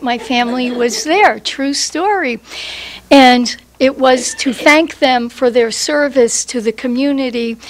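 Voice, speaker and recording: A woman poet at a public reading, introducing her poem in a lively, conversational way before reciting it at a standing microphone. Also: a little high, poor audio.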